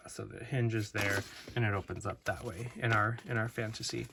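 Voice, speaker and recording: A man's voice: fairly low pitch, fairly even intonation, moderate pace, vocal fry, noisy background. A man giving a casual unboxing commentary at home, rambling and playful with many fillers and restarts, recorded on a phone. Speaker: toy reviewer. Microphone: phone camera.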